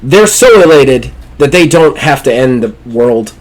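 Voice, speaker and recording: A man narrating as game master of a tabletop game, telling the scene with lively energy and fillers. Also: mid-range voice, measured pace. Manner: animated storytelling with many fillers.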